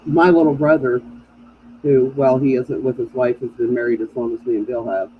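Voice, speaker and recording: A woman's voice: very deep voice, fairly even intonation, moderate pace. A middle-aged woman telling family stories with laughs in a casual chat. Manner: storytelling, laughing at family anecdotes. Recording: dull lo-fi sound with faint noise.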